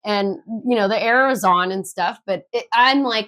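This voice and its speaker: A woman co-hosting a podcast, chatting casually and telling an animated story with plenty of swearing. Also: medium pitch. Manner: animated, swears freely, quick bursts of retold dialogue. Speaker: podcast co-host.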